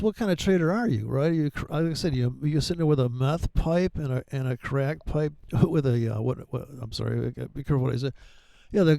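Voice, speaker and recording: Brief: gravelly, dark-voiced male trading educator, profane and sarcastic, dry close mic. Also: a little high, no room sound. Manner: rambling, profane, sarcastic asides. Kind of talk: casual profane trading commentary.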